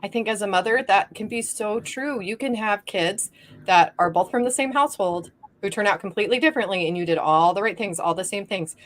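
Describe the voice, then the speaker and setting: A woman's voice: medium pitch, brisk. A woman hosting a podcast, talking in an earnest, affirming way in casual conversation. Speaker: podcast host.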